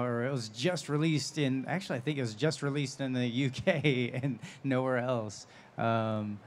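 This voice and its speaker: A man's voice: medium pitch, slight background noise. A man who works as a voice actor, answering audience questions on a convention panel, chatty and laughing often as he tells stories. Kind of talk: live panel Q&A storytelling. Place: convention stage.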